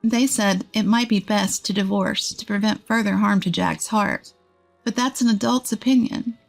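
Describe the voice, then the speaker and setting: A woman, a text-to-speech voice, reading a first-person story as a scripted narration in an even, steady way. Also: mid-range voice, vocal fry.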